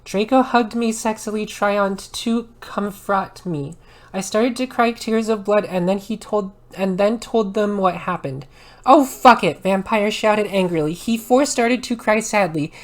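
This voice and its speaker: Animated woman reading in maid role-play. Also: mid-range voice, measured pace. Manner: animated dramatic reading with sudden loud outbursts.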